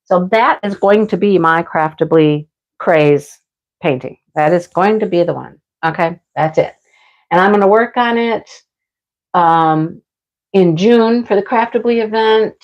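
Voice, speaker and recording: A woman's voice: on the low side, measured pace, muffled recording. A woman hosting a casual craft livestream, chatting and laughing as she answers viewers by name. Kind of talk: casual live chat with viewers.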